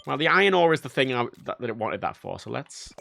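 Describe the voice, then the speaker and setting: A young man livestreaming a game, rambling and mocking himself with sudden loud outbursts. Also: medium pitch, big pitch swings, fast talker, vocal fry, faint music behind. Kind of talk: casual gameplay chat.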